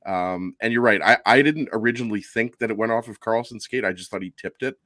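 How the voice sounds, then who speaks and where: A man with a lowish voice, chatting casually about a hockey game on a post-game podcast. He fills his talk with ums and likes, and the sound is dry, with no room to it. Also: fast talker, fairly bright tone, no echo.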